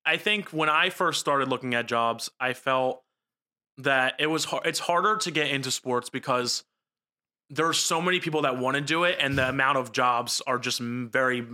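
A young man with a New Jersey accent, a local TV reporter talking casually about his work in quick, animated stories full of fillers. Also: medium pitch. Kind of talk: casual podcast chat.

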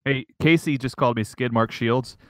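A male podcast co-host with a mid-pitched voice, rambling excitedly from one joke to the next. The sound is close and dry. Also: moderate pace, no room sound. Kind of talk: casual chat.

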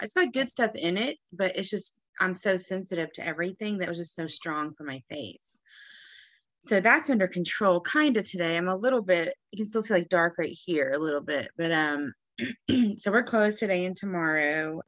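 A woman from Texas, co-hosting a podcast in casual chat, rambling through stories and clearing her allergy-irritated throat often. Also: on the low side, a bit bright, no room sound. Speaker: podcast co-host.

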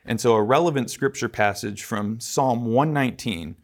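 A man teaching a church class in a relaxed lecture style. He speaks earnestly and stays casual, with frequent asides and small fillers, at a medium pitch. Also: normal speed.

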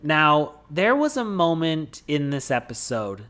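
A woman's voice: deep voice, big pitch swings, measured pace, fairly bright tone. A woman co-hosting a casual recap chat, blunt, profane and wry as she retells scenes. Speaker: podcast co-host.

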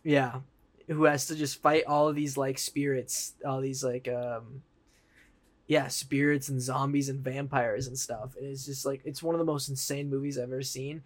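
A man with a mid-range voice chats on a casual podcast. He sounds eager as he pitches films, stopping often to hunt for words. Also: moderate pace. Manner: excited, pitching with hesitant fillers. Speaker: podcast co-host. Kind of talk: casual chat.

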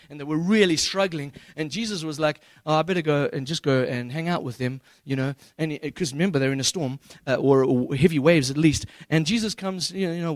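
A pastor preaches a sermon, retelling scripture in a relaxed, humorous style full of slangy paraphrases. His voice is fairly high, and the recording has no echo.

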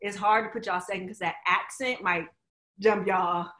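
Bright animated woman, roomy sound. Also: medium pitch, moderate pace. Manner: animated, laughs often, speeds up when making a point. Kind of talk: casual chat.

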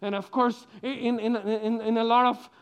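A man's voice: very high-pitched, level tone, moderate pace, clean tone. A middle-aged man giving a children's sermon, telling the story with animation and asking the children questions. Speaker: preacher.

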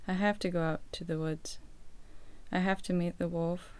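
A woman's voice: fairly low pitch, flat delivery, normal speed, darkish tone, clean tone, close to an everyday voice. A woman voicing a bold young maiden who questions and defies those around her. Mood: defiant. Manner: defiant, questioning.

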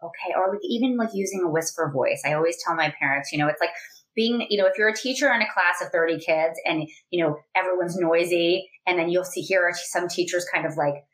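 A woman's voice: lowish voice, a little fast, poor audio. A woman in her forties, a family educator, talking earnestly in an interview with lots of "you know" fillers. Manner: earnest, animated, many fillers. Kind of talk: conversational interview.

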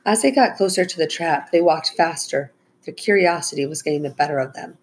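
A woman reading a children's adventure story aloud as narrator, with a husky voice. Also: brisk, rough recording. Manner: raises her pitch for the children's lines, soft and low on tags.

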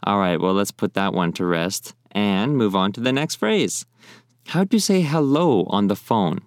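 A young man teaching in a friendly, casual way, often repeating phrases slowly. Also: fairly low pitch, animated, no room sound, clean studio sound. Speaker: language teacher. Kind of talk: casual spoken lesson.

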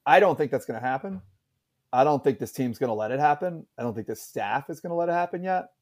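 A man's voice: medium pitch, lively intonation, fast. A man co-hosting a casual sports talk show, rambling with many fillers and restarts. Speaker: podcast co-host.

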